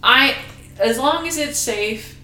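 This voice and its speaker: A woman's voice: sits high, slow pace, bright, forceful tone, reverberant, slight background noise. A young woman from Canada, a reporter, chatting casually as a podcast guest and laughing often. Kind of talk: casual chat.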